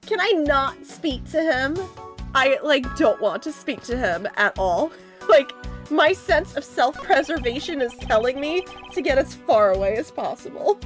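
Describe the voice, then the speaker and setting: A woman's voice: high voice, animated, measured pace. A woman streamer giving casual gameplay commentary, giggly and reactive, sometimes swearing. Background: music.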